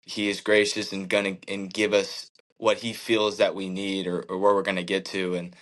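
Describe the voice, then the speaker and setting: A man's voice: low voice, level tone, normal speed, fairly bright tone, poor audio. A man in his thirties, a professional athlete as interview guest, telling his story earnestly and reflectively, with many fillers like "like" and "man". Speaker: professional baseball pitcher, guest.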